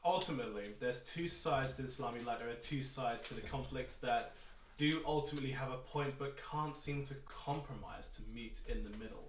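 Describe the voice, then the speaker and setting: A young man in casual podcast chat, making dry, deadpan comments. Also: medium pitch, a little fast, roomy sound, far from the mic, slight background noise. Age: young adult. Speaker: podcast guest.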